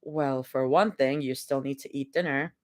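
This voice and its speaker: A woman voicing a calm, protective young partner in a fanfic read-aloud, speaking low, gentle and soothing. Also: moderate pace.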